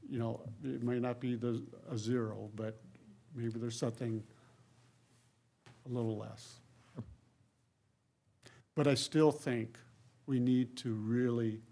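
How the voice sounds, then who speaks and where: A man runs a city council workshop in a loose, conversational way, leaning on fillers as he steers the discussion. His voice is gravelly and mellow in tone. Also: medium pitch. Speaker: city council presiding member.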